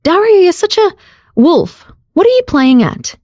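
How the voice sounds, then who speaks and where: Woman voicing a young heroine, shy, earnest, higher voice, warm tone, dry sound. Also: expressive, fairly quick, dry recording. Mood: flustered. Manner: pitched up, earnest and emotional. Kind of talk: audiobook character voice.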